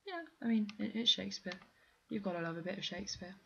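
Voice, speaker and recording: A woman's voice: medium pitch, fast, vocal fry, dull audio, slight background noise. A young woman with a posh English accent, chatting casually through a vlog question list in a rambling, self-deprecating way with lots of ums. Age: young adult. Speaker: vlogger doing an accent challenge.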